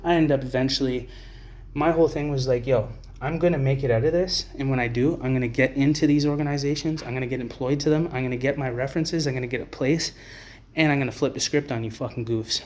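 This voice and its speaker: A man's voice: mid-range voice, fast talker, darkish tone. A man delivering a profane, blunt, rambling to-camera rant as an advocate for homeless people. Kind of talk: ranting to-camera monologue.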